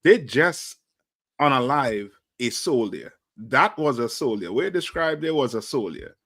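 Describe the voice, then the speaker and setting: A man's voice: medium pitch, lively intonation, unhurried, fairly bright tone, no echo. A man on a talk show panel, speaking emphatically and repeating "you know what I mean" as he makes his points. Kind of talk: casual opinionated chat.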